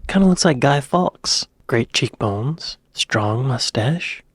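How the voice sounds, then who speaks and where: A man's voice: medium pitch, lively intonation, slow, husky, dry recording. American man chatting in a dry room. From United States. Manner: chatty, wry asides, exclaims in surprise. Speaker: reaction video host. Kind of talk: casual reaction commentary.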